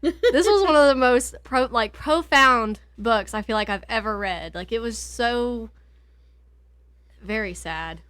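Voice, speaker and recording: Giggly high-voiced woman podcaster. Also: expressive, unhurried, a bit bright, no echo. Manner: giggly, chatty, easily moved to tears. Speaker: podcast co-host. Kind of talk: casual book chat. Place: home basement.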